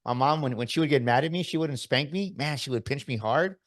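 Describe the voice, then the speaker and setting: Animated male podcast host. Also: medium pitch, brisk. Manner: animated storyteller, often asking "right?". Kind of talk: casual interview chat.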